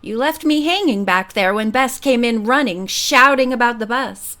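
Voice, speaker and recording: A good-humored professor, read by a woman, teases and prompts with a smile. The voice stays light and fairly high. He sounds relaxed and amused. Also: normal speed, close to an everyday voice. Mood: jovial. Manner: jovial, teasing.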